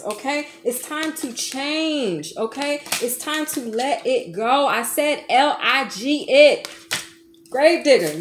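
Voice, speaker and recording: A woman's voice: high voice, reverberant, background noise. A woman giving a tarot reading to her listeners, coaxing and emphatic, calling them baby and honey. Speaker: tarot reader.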